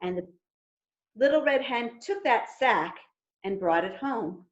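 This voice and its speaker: A woman leads an interactive storytime for very young children and gently invites them to act along. She talks slowly in a slightly high voice. The audio is dull and lo-fi, like a video call. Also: expressive. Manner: gentle, coaxing, asks children to join in.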